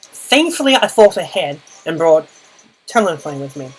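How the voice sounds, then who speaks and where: A man's voice: a little high, big pitch swings, moderate pace, slightly rough, poor audio. A young man giving a dry, muttered running commentary on his own game, groaning at setbacks. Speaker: channel host and player. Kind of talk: live gameplay commentary.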